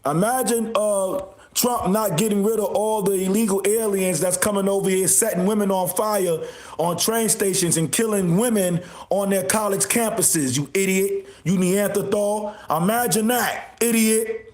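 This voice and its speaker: High voiced dude ranting slow on his stream, mocks the chat, echoey room. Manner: mocking, loud laughing outbursts, insults viewers. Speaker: livestream host. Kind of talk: ranting livestream commentary.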